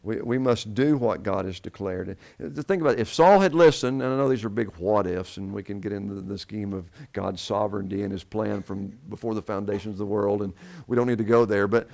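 A man's voice: on the low side, fairly quick, gravelly, few pauses, a little mellow. Man preaching a Bible sermon. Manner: questions the congregation and answers himself. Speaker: pastor.

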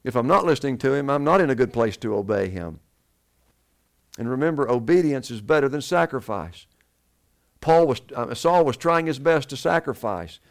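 A man's voice: mid-range voice, lively intonation, moderate pace. A man preaching a sermon to his congregation, asking them questions and answering them himself. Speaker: pastor.

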